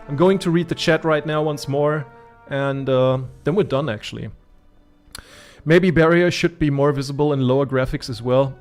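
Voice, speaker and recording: A man from Germany with a German accent, chatting casually as a gaming streamer, rambling with many fillers and restarts. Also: on the high side. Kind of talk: casual live-stream commentary.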